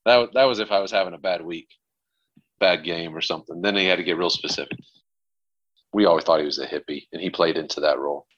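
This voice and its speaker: A former college basketball player from Atlanta tells animated anecdotes in a low-pitched voice. The recording sounds a little dull and muffled. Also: male voice, quick pace, husky. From Atlanta, Georgia, USA. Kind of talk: casual storytelling.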